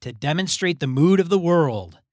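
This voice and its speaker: Here a male podcast co-host has a fairly high, darkish voice with lively intonation and no echo, recorded dry and close. He casually reads a listener email aloud, easygoing throughout, pausing between measured chunks for chatty asides.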